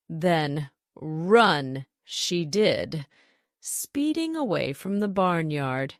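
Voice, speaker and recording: A woman telling a storybook fable for English learners at a very slow, careful pace. Her voice moves through lively rises and falls, and the recording is dry and close with no room sound. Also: on the low side, dry recording. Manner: slow, clear and expressive.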